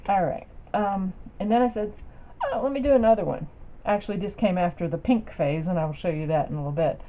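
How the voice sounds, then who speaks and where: A woman's voice: lowish voice, steady tone, fast talker, warm tone. A woman chatting casually in a rambling way, with lots of fillers and restarts, as she shows her craft projects to the camera. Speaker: craft vlogger. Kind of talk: casual show-and-tell chat. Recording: dull lo-fi sound with faint noise.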